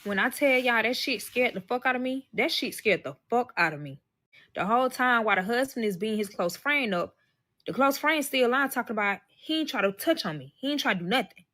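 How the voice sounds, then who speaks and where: A woman's voice: fairly high pitch, expressive, fairly quick, sharp tone, no room sound. A woman telling a personal story in casual, profane talk, speaking to her listeners as y'all and acting out the voices of the people in it. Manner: acts out quoted voices. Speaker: storyteller recounting a personal experience. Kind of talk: casual storytelling to a live audience.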